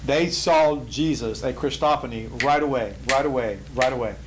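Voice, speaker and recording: A man teaching a Bible study in an emphatic, animated way, repeating key phrases for effect. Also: medium pitch, normal speed, noisy background. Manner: emphatic, repetitive, animated storytelling.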